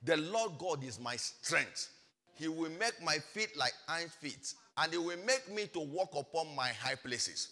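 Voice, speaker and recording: Preacher man swinging from hush to shout. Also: fairly high pitch, animated, measured pace. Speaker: pastor. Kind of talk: sermon. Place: large church hall. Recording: church hall reverb.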